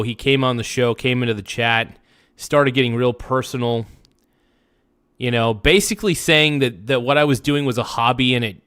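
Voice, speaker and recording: Male streamer, mid-pitched, upset, profane, rambling rant with sudden spikes. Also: a bit bright. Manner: heated, profane, repeats himself, swings between muttering and outbursts. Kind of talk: angry live-stream rant.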